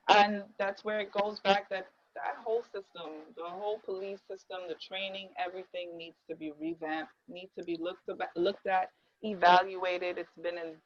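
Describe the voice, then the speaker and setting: A woman's voice: medium pitch, muffled recording. A woman in her thirties hosting a casual panel discussion, emphatic and repetitive, acting out the words of others as she makes her points. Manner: emphatic, repeats herself, acts out quoted speech. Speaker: podcast host.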